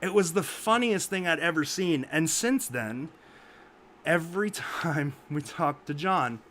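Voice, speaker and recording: Guy on a video call telling a story, animated, bit high voiced, faint background noise. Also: unhurried. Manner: animated anecdote telling, acts out quoted voices. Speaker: co-host.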